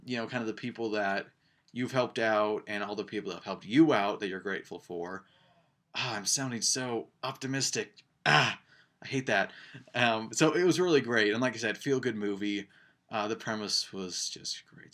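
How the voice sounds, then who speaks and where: A young male vlogger gives a casual film review, chatty, eager, and rambling, with lots of filler. His voice is medium in pitch and a bit bright.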